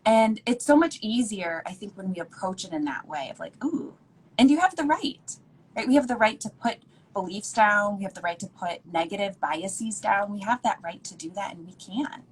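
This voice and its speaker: Woman guest, earnest and emphatic, mid-pitched; faint room noise under the video call. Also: expressive, moderate pace, low-quality recording. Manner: earnest, emphatic, repeats for stress. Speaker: guest, antiracist educator. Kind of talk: casual conversational interview.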